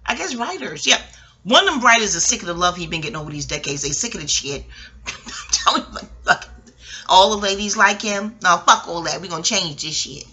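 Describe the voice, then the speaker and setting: Lively, profane woman rambling. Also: on the low side, fairly quick. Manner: profane, digressive, laughs often. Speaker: vlogger reviewing a TV episode. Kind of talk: rambling casual recap. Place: home, near a kitchen.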